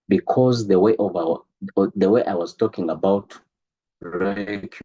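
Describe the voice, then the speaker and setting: A man coaching a group on business, in an animated, preachy way that stumbles and repeats words, heard over an online call. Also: lowish voice, husky, dull audio. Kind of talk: motivational talk to a group.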